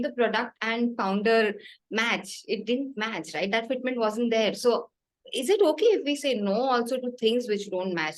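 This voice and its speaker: A woman's voice: a little high, poor audio. A woman hosting an interview, effusive and enthusiastic in casual chat. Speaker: interview host.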